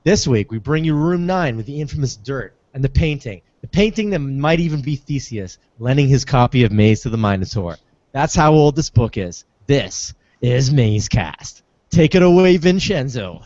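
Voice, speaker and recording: A man's voice: medium pitch, expressive, normal speed, darkish tone, dry recording. Guy doing a dry mock-fancy podcast intro, close dead-dry sound, muffled. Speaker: podcast host giving the introduction. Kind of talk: casual podcast talk. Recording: dry, dull lo-fi recording.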